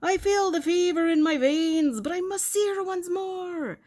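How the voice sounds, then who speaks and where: A gasping young man on his deathbed, as a woman puts him on, speaking in a hammy put-on Irish accent. The voice sits far higher than her own and is strained and exaggerated. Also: unhurried, darkish tone.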